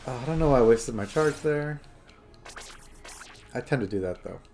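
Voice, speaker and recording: A man live-streaming a game rambles casually to his chat and his phone. His mid-range voice swings around with animated intonation, and faint game music plays underneath. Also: medium pitch, moderate pace.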